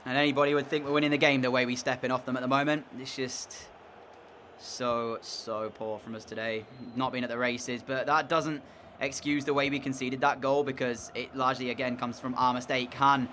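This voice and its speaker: A man's voice: mid-range voice, level tone, a little fast, a bit bright, slight background noise. A man giving casual commentary over his own football video game, frustrated and groaning at mistakes. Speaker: gaming commentator.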